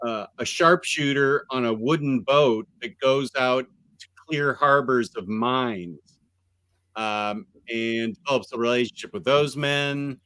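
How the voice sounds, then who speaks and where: Man, podcast host, unhurried halting delivery, smooth crisp tone. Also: medium pitch, bright, forceful tone, no room sound. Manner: halting, many ums and restarts. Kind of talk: casual chat. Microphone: USB microphone on computer.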